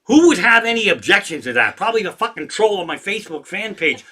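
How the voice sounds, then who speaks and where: A man in his sixties rants on a livestream with a slightly high voice and a sharp, tense edge. He swears constantly and gets more and more worked up as he talks. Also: big pitch swings, quick pace, few pauses. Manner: profane, ranting, worked up. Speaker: comedian hosting a livestream. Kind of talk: profane ranting livestream chat.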